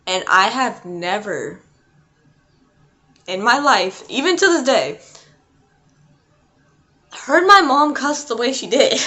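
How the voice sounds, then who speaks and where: A woman's voice: mid-range voice, bright, forceful tone. A young adult woman vlogging a casual storytime, rambling and chatty with lots of "like" and "um". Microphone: not her usual mic.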